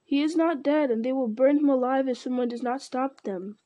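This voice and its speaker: A woman's voice: high-pitched, a little fast, dark tone, no echo, natural voice. A woman reading aloud, voicing a frightened young male hobbit who pleads in breathless, tumbling words. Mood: frightened pleading. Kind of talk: audiobook character voice.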